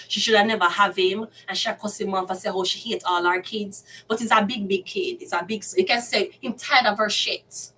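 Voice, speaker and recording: A Jamaican-accented tarot card reader swears freely through a blunt, angry, offhand monologue, her mid-range voice bright and forceful. Faint noise sits behind the distant mic.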